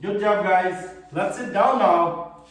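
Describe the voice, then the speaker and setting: A man with a high-pitched, slightly bright voice speaks slowly as he leads a live online yoga class for kids, offering cheerful, simple step-by-step cues. Soft music plays in the background, and the very echoey room leaves his voice sounding far from the mic.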